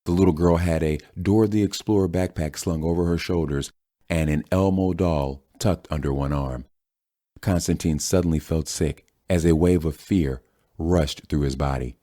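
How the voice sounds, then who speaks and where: Male audiobook narrator, steady storyteller, very low and dry. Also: moderate pace, no echo. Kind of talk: scripted narration.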